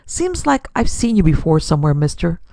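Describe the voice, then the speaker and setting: A woman's voice: lowish voice, big pitch swings, a little fast, gravelly, dark tone, no echo. A woman voicing a harried, brash man chewing a pipe in a pulp detective story. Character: harried tall male newsman, pipe-chewing.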